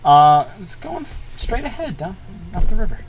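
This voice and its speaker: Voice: mid-range voice, sing-song, normal speed, low-quality recording. A game master narrating a tabletop game in an easygoing, hesitant way, with many fillers.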